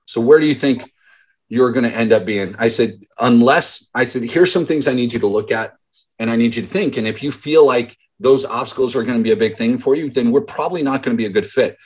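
Here the mentor's voice is medium in pitch, fairly quick, darkish in tone, with a breathy edge. He's a man in his thirties giving a motivational talk to a group call, telling stories and performing the voices of those he quotes.

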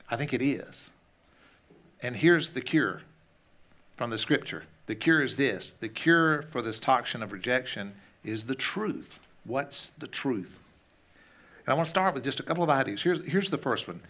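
A man preaching a conversational sermon as a pastor, repeating words as he restarts and swinging between loud emphasis and hushed asides. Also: mid-range voice, animated, moderate pace.

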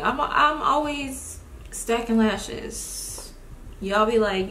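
A young woman chatting casually to viewers while doing her makeup, expressive and lively, calling them y'all. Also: a little high, very slow, slight background noise. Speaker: beauty vlogger. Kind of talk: casual get-ready-with-me chat. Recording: roomy home recording.

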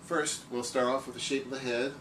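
A man, a magician, drawing on a board while delivering deadpan comic patter, recorded in an echoey room from a distance. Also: mid-range voice, a little fast, noisy background.

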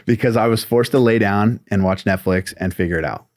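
A man's voice: fairly low pitch, normal speed. A man, a tattoo artist from the United States, telling a long story in a casual, rambling interview manner with many fillers. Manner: laid-back, rambling, lots of "like" and "you know".

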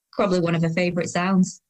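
A woman's voice: fairly low pitch, level tone, normal speed, close to an everyday voice. A woman in her thirties narrating in the first person as a weary, self-conscious woman, with a dry, sardonic tone. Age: 30s.

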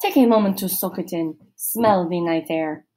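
A woman's voice: on the low side, normal speed, dark tone, close to an everyday voice, poor audio. A woman reading a storybook aloud, voicing a confident twelve-year-old boy who talks like a wise old man. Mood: dreamy.

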